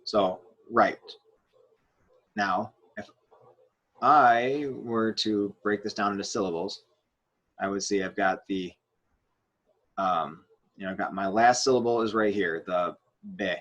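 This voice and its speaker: Lower-voiced man teaching at a board. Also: slow pace, long pauses, a bit bright, lo-fi sound. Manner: explains step by step, with many fillers and restarts; writes on a board while talking. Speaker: Spanish teacher. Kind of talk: whiteboard grammar lesson.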